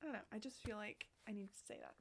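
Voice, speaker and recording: A young woman chatting casually to camera as a vlogger, bubbly and swearing a lot, with bursts of loud laughter and whispered asides. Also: mid-range voice, racing, a little hiss or hum.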